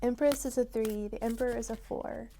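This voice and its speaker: A woman giving a tarot reading to her viewers, talking in an encouraging, softly emphatic way and breaking into excited exclamations. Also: a little high, fairly quick, creaky, slight background noise. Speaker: tarot reader.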